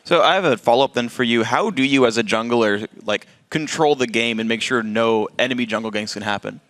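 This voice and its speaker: A man's voice: medium pitch, fairly quick, fairly bright tone. A man interviewing players after a match, asking eager, enthusiastic follow-up questions. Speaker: esports interviewer.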